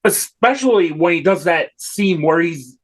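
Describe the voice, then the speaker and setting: A man's voice: on the high side, animated, a little slow. A man co-hosting a casual film discussion, enthusiastic and swearing freely. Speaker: podcast co-host.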